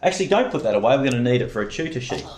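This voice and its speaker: A man's voice: medium pitch, sing-song, rapid-fire, background noise. A man tutoring a child one-on-one in phonics, giving patient, encouraging drill prompts. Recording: echoey room.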